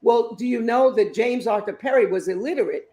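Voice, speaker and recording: A woman in her fifties, an author giving interview answers in an expressive, emphatic storytelling way. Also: on the high side, fairly quick. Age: 50s. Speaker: author and guest.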